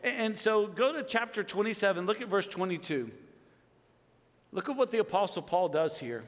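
A man in his fifties preaches with a high, bright voice, jumping from loud bursts to quiet, pressing lines. His words ring out with a long hall reverb behind them. He speaks as a pastor to his congregation. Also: moderate pace. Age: 50s. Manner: animated, swings from loud exclamations to hushed emphasis. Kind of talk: sermon.

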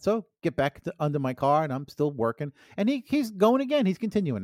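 Middle-aged guy cohosting a podcast, kinda high voice, rambly, dry mic. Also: big pitch swings, fairly quick, few pauses, darkish tone, dry recording. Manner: rambling, restarts, laughing asides. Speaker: podcast co-host. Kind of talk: casual storytelling chat.

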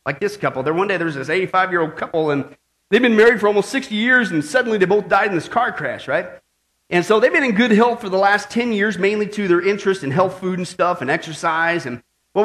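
A male pastor giving a lively, joking sermon with emphatic delivery. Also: sits high.

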